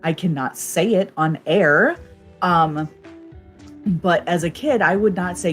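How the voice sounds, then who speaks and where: Woman co-host, casual chat, quick to laugh, slightly low voice, faint background music. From United States. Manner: laughs often, animated storytelling. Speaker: co-host of a live stream.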